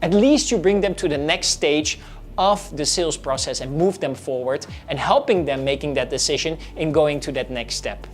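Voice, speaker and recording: A woman's voice: low voice, moderate pace, faint music behind. A woman coaching real estate salespeople in a video lesson, explaining how to handle client objections and acting out the dialogues. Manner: animated, acts out client dialogues.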